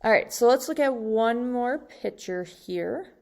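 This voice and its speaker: A woman teacher giving a recorded slide lesson to second graders, speaking slowly and deliberately and drawing out each example word. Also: on the high side, animated, gravelly.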